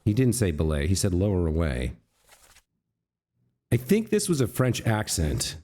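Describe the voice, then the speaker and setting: Speaking slowly in a low, dark voice whose pitch swoops wildly, a let's play host reasons aloud through a puzzle. He corrects himself often and addresses the on-screen figures.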